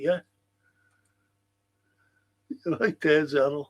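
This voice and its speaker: A man hosting a live football watchalong, reading chat messages aloud and answering them in a blunt, sweary, quick-tempered way. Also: a little high, a bit bright, dull audio.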